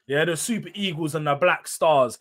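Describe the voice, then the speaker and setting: A man's voice: on the high side, normal speed. A young man with a London accent hosting a casual football live stream, bantering with the chat in slang. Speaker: host.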